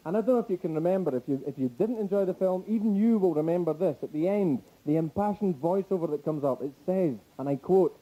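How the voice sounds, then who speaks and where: High-voiced Scottish stand-up comedian. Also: male voice, quick pace, few pauses, warm tone. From Scotland. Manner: mock-indignant, bantering with the audience. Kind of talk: stand-up routine. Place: comedy club stage. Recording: noisy old VHS tape transfer.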